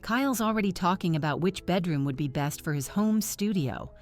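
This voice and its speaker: A woman reading the part of an entitled, mocking younger sister in a spoken story, with a lowish voice. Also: expressive, a little fast, faint music behind, natural voice. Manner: mocking, dismissive.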